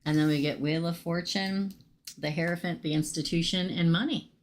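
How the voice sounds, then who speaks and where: A woman losing her voice, hosting a casual live tarot reading and chatting excitably with viewers she calls by name. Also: fairly low pitch, moderate pace, slight background noise.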